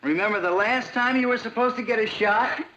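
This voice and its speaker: An actor playing a jealous, earnest teenage boyfriend in a 1960s sitcom, sulky in manner. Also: male voice, extremely high pitch, a little fast, sharp tone, lo-fi sound, slight background noise.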